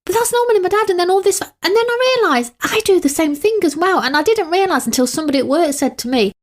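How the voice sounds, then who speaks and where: A woman's voice: extremely high pitch, lively intonation, quick pace. A woman from England co-hosting a podcast, telling stories in a chatty, casual way. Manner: chatty, storytelling. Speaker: podcast co-host. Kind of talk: casual chat.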